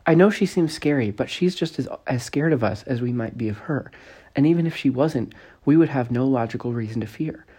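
A man reading a storybook aloud, voicing a calm, wise young heroine in an earnest, steady way. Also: mid-range voice, brisk, slightly rough, lightly acted.

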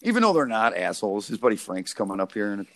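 A man's voice: lowish voice, big pitch swings, fast, fairly bright tone, a little hiss or hum. A man in his twenties telling loose, profane stories in a casual podcast chat, full of fillers and laughing at his own jokes. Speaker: podcast co-host.

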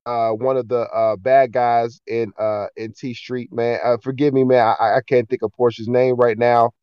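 A man's voice: medium pitch, level tone, normal speed, clear, resonant tone, dry recording, dull audio. A man talking about his film project in a casual podcast chat, stumbling over fillers and repeating words. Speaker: filmmaker and actor guest.

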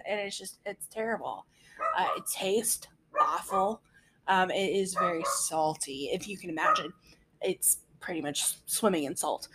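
Slow, chatty young woman telling a story. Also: a little high. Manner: chatty and rambling, laughs often at her own story. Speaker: speaker sharing a personal faith story. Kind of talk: casual storytelling monologue.

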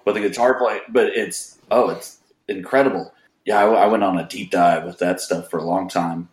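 Male guest, low voice, enthusiastic rambling, echoey room sound. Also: fairly even intonation, normal speed. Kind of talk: casual chat.

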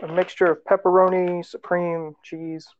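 A woman's voice: lowish voice, little pitch movement, normal speed, darkish tone. A woman chatting playfully with fellow players in a casual group conversation. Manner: playful, laughs easily. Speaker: tabletop game player. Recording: dull lo-fi recording.

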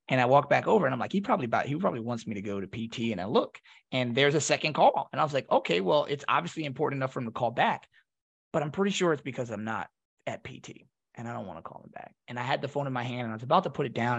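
A man's voice: mid-range voice, vocal fry. A young man casually telling a story as a podcast guest, acting out the other voices as he goes. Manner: animated, acts out quoted voices.

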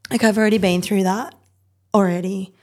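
Warm, fast-talking woman. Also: mid-range voice, fairly even intonation. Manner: rapid, rambling, heartfelt, with many fillers. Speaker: podcast guest. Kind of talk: candid conversational interview.

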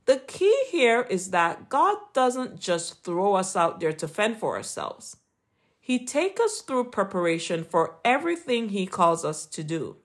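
A woman's voice: mid-range voice, big pitch swings, a little slow. A woman with a Jamaican accent reading an earnest, encouraging Christian motivational talk as a podcast host. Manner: earnest, encouraging, read from a script.

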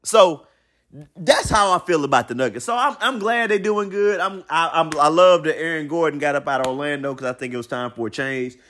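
A man's voice: on the high side, a little fast, fairly bright tone. A man hosting a sports talk show, giving a blunt, opinionated basketball commentary monologue in a colloquial way, often repeating himself.

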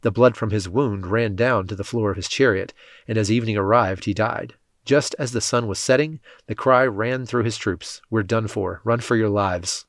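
A man with a low voice reads scripture in a measured, even way. He lightly shades the quoted lines without fully acting them. The recording is dry and close, with no room sound. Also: no room sound. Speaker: scripture reader. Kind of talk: scripted Bible reading.

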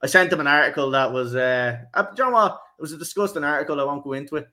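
A young man hosts a casual football podcast, his high-ish voice racing, pushed and bright. He rambles through a story full of swearing and laughter.

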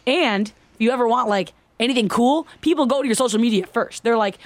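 A woman chatting fast and freely, her voice a touch high and close, with no room sound around it. She tells stories and theories in a quick run of words. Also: no echo. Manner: quick, chatty, storytelling with acted quotes. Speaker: podcast co-host. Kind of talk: casual chat.

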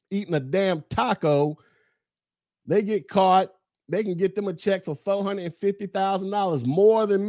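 This is an American man on his own podcast, venting in a fired-up, cursing tirade. His voice sits somewhat high for a man, and the recording is dry and close with no room sound. He mocks his listeners and keeps repeating his phrases to drive the point home. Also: a little mellow, no room sound. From United States. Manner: heated, profane, mocking, repeats phrases for emphasis. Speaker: podcast host. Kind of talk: angry political rant.

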